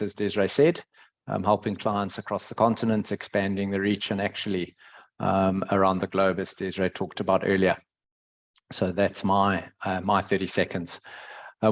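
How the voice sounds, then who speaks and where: A man with a South African accent hosting a webinar over a video call, with a hesitant, pausing delivery. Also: lowish voice. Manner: hesitant, many pauses. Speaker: webinar host. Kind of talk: webinar moderation.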